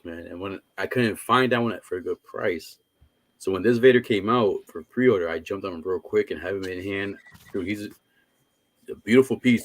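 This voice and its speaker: Laid-back low-voiced collector guy. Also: no room sound. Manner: easygoing, says "man" a lot. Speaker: collector, stream guest. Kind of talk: casual chat.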